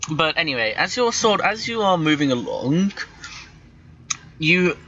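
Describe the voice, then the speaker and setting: A man running a tabletop game as game master over a voice call, talking in halting bursts full of restarts. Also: a little high, very animated, pushed and bright. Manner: halting, with many restarts and stammers. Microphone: computer microphone on a voice call. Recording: dull voice-chat audio with faint noise.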